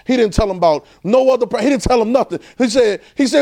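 A man preaching an informal, conversational sermon, repeating phrases and swinging between loud and soft. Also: very high-pitched, fast, creaky, hardly any pauses.

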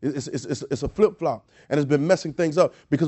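A man's voice: a little high, fairly quick, few pauses, darkish tone, husky. A man preaching a sermon, emphatic and repetitive, asking rhetorical questions and often restarting his words. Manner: frequent word repetitions and restarts.

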